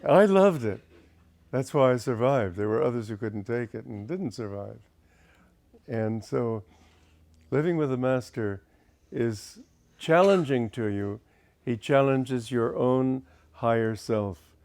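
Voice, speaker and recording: A man's voice: mid-range voice, lively intonation, slow pace, darkish tone. An older man, a spiritual teacher, telling wry anecdotes from his past to an audience and laughing at his own stories. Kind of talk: reminiscing talk to an audience.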